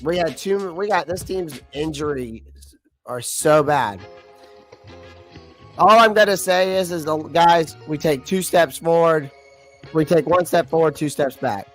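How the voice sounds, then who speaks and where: A man's voice: fairly high pitch, unhurried, faint music behind. A young man hosting a casual livestream, blunt and frustrated, laughing often, and losing his voice. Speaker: livestream host.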